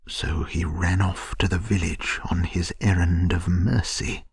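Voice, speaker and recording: Man, bedtime story narrator, soothing, soft, husky, dry close sound. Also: low-pitched, level tone, measured pace, few pauses, dry recording. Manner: soothing, soft, often whispered.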